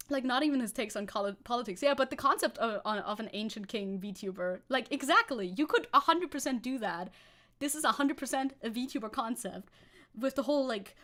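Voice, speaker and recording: A woman's voice: a little high, a bit bright. A woman VTuber streaming live, chatting casually and sarcastically while reading and answering chat. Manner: sarcastic, reads chat aloud and laughs often.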